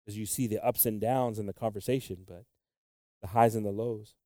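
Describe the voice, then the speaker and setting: A man preaching a sermon with passion, moving between loud exclamations and quiet, low asides. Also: steady tone, moderate pace, no room sound, studio quality.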